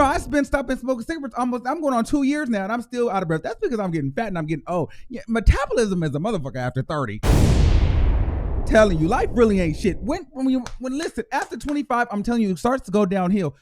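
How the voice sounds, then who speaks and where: A man in his thirties hosting a call-in show, joking and swearing in loud, playful banter. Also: high voice. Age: 30s. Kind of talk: casual call-in chat.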